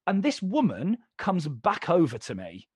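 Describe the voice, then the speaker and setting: A man's voice: high-pitched, unhurried, breathy edge, dry recording, clean studio sound. A young man, a comedian and presenter, chatting as a podcast guest and telling stories with plenty of swearing and acted-out dialogue. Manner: animated, swearing, acts out both sides of dialogues. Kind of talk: casual storytelling chat.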